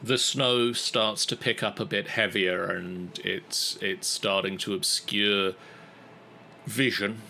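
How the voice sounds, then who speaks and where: Slow, gravelly-voiced game master man. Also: lowish voice, steady tone, sharp tone, slight background noise, poor audio. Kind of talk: narrating a tabletop game.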